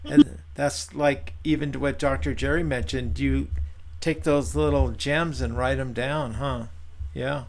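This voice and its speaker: A man's voice: mid-range voice, fairly even intonation, a little slow, darkish tone, slight background noise. A man leading a training session on a video call, chatty and encouraging, with plenty of fillers. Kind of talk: casual coaching on a video call.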